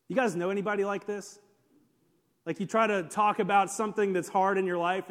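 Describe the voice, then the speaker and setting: A high-voiced man preaches to his congregation, talking in a lively, conversational way and asking rhetorical questions. His voice rings out with a long reverb, as if filling a large hall. He sounds like a pastor. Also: brisk. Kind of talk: sermon.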